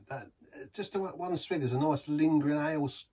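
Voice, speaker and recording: Husky man reviewing beer. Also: a little high, normal speed, mellow, recorded from a distance. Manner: chatty and rambling, savouring. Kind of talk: casual beer review vlog.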